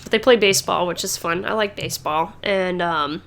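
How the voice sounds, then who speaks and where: A woman's voice: fairly low pitch, a little fast, gravelly, fairly bright tone. A woman hosting a podcast in casual chat, rambling with many fillers and restarts and laughing often. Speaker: podcast host.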